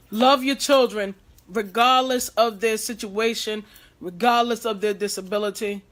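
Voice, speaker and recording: A woman hosts a casual live stream, her voice hoarse and worn. She speaks earnestly and a little preachily, pressing her advice home to her viewers. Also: on the high side, steady tone, measured pace, a bit bright. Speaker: host. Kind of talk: casual livestream talk.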